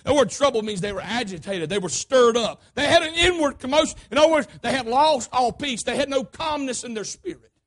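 A man preaching a sermon, emphatic and repetitive, calling out to the congregation and swinging between shouts and hushed asides. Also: very high-pitched, brisk. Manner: emphatic, repetitive, call-and-response.

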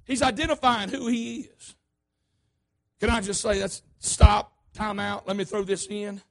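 A man preaching a sermon, emphatic and repetitive, calling out to the congregation and swinging between shouts and hushed asides. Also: high voice, steady tone, measured pace, gravelly. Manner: emphatic, repetitive, call-and-response.

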